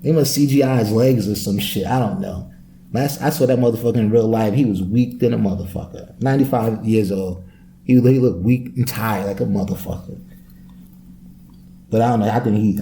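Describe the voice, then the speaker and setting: A man hosting a solo podcast, ranting in an animated, profane way and firing off rhetorical questions. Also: lowish voice, slight background noise. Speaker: podcast host.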